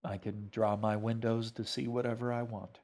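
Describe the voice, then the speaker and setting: A man doing a shaggy, wry, gruff man. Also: fairly low pitch, little pitch movement, moderate pace, a little mellow, close to an everyday voice. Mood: wistful. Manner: grunting, wry, matter-of-fact.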